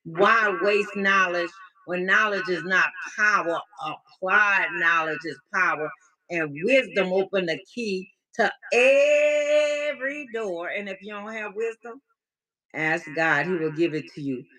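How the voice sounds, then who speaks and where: A woman coach hosts a laid-back livestream check-in and talks at an unhurried pace. Her voice is bright and forward. She is playful and chatty, reads out viewers' names and calls them baby while mixing in faith-based encouragement. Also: medium pitch, rough recording. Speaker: life coach and livestream host.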